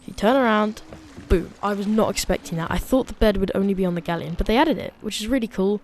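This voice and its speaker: A chatty, excitable woman walks through a game update in a casual review. She is a student and talks at a middling pitch, full of fillers as she reacts to each new feature. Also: fast talker, slight background noise. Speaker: gaming video creator.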